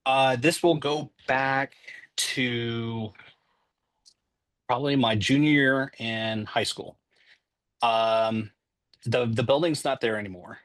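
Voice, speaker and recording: A stadium announcer in his forties, appearing as a guest, chats casually in an interview, joking and easygoing with many ums. His mid-range voice is steady and fairly bright, slow-paced with frequent pauses.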